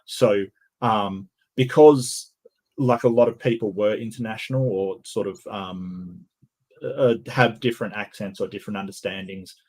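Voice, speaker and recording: A lowish, husky male voice with a Western Australian accent, speaking through a video call. He pronounces each word carefully and precisely, yet keeps pausing on ums and restarting his sentences. His delivery is casual, like a guest chatting on a call-in show. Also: a little mellow. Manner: carefully enunciated, halting with many fillers. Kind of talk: casual panel chat.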